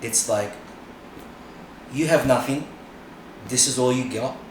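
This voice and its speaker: A man's voice: mid-range voice, slow pace. A middle-aged man and podcast guest, chatting frankly and swearing freely, with lots of "you know"s. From Australia. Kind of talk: casual chat. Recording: very echoey room, mic far off, noisy.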